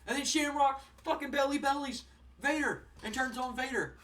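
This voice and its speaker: A young man casually commenting on a wrestling management game, rambling with lots of fillers and getting excited. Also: very high voice, normal speed, far from the mic. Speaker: gaming channel host. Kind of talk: casual let's-play commentary.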